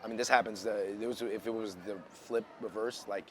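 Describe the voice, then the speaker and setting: A man's voice: on the low side, steady tone, fairly quick, a bit bright, slight background noise. A man chatting loosely in a casual interview, with many likes and restarts, recorded outside.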